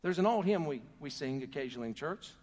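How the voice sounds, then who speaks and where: Man, pastor, sermon, slightly high voice, calls for congregation responses, long church reverb. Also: lively intonation, quick pace, a little mellow.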